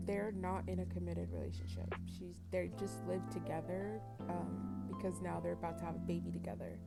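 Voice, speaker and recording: A woman casually narrating a dramatic life-sim game story to her viewers, chatty and expressive. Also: on the low side, vocal fry. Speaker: gaming channel host.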